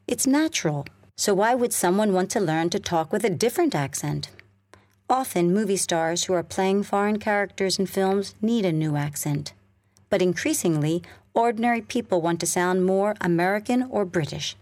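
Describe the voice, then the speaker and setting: A woman reading a scripted English listening lesson in a clear, measured way. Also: medium pitch, animated, darkish tone, dry recording. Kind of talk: scripted narration.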